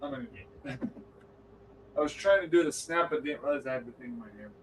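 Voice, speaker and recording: A man's voice: a little high, very animated, moderate pace, slight background noise, poor audio. A man hosting a casual late-night podcast from home, telling rambling stories, laughing and cursing freely. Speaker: livestream host.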